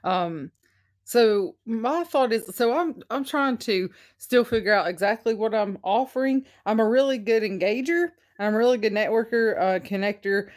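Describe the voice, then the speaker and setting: A woman's voice: fairly high pitch, normal speed. Hesitant woman with a country twang. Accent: Southern US country twang. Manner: hesitant, many ums, searching for words. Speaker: audience caller.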